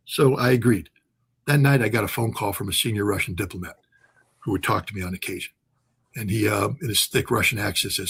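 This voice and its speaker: Man, 60s, interview guest, anecdotal storytelling, husky, fillers and restarts. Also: on the low side, fairly even intonation, a little fast, a bit bright. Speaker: guest, former weapons inspector.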